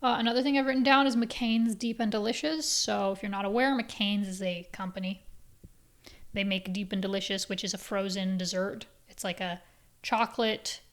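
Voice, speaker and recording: A young woman from Canada hosting a casual solo podcast, animated and sarcastic, swearing freely as she rants. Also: medium pitch, moderate pace. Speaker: podcast host.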